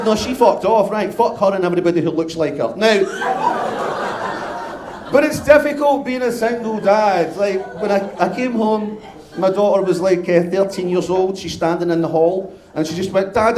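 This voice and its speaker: A Scottish man in his fifties doing a live stand-up routine, brash, sweary and loud as he banters with the crowd. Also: high voice, normal speed, slight background noise. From Scotland. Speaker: stand-up comedian. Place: live comedy venue. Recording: echoey live venue sound.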